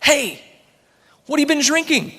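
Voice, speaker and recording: A man doing a chirpy little old man, high and kindly. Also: sing-song, unhurried, fairly bright tone, heavily acted. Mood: surprised. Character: small cheerful eighty-year-old Japanese man.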